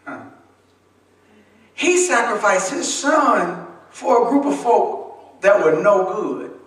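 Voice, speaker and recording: A man's voice: high-pitched, big pitch swings, takes it slowly, fairly bright tone. A male pastor preaching in a church. He uses a folksy, humorous, call-and-response style and often asks the congregation to finish his lines. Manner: folksy, humorous, conversational delivery. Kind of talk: sermon. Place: church sanctuary. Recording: echoey church from a distant mic.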